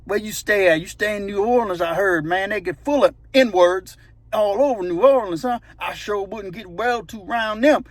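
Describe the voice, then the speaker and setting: A man putting on a slow-drawling gap-toothed ex-con. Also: high-pitched, dry recording, close to an everyday voice. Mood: complaining. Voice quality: lisping through missing front teeth. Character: Southern ex-con worker, gap-toothed, grudging, says cousin.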